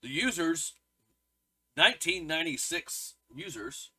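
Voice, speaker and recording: A man with a slightly high, bright and sharp voice co-hosts a casual movie podcast. He reads out review numbers in a dry, matter-of-fact way. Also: expressive, unhurried, poor audio. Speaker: podcast co-host.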